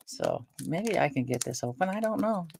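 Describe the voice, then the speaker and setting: Older woman with a gravelly voice. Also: on the low side, a little mellow, slight background noise. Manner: rambling, chatty, with frequent fillers. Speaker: vlogger. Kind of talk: casual chat.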